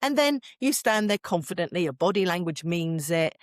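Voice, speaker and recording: This is a British woman in middle age, speaking as a guest parenting expert. Her voice sits on the low side but moves up and down a great deal as she tells stories, and she laughs easily. The sound is dry and close. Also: normal speed, no echo. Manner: animated, expressive storyteller who laughs often. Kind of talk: podcast interview.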